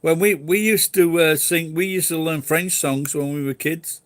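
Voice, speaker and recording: Brief: English man, casual rambling chat, swears a lot, slightly high voice, dry sound. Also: fairly even intonation, normal speed, dry recording. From England. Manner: rambling, swears freely, laughs easily.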